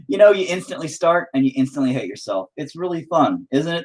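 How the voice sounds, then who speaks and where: A man's voice: fairly high pitch, lively intonation, fairly quick, hardly any pauses, darkish tone. A man talking to himself while painting, casual, profane and self-mocking, rambling and frustrated as he thinks aloud. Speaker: painting vlogger.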